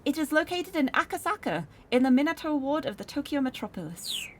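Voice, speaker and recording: A young woman streamer reading a visual novel aloud, with animated, self-deprecating asides, over game music. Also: sits high, fairly quick. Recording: game music playing behind.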